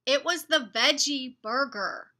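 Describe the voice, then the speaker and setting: A woman's voice: sits high, slow pace. A middle-aged woman from the southern United States chatting casually in a vlog, telling stories from her day with lots of fillers. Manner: chatty, animated storytelling with fillers. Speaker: vlogger.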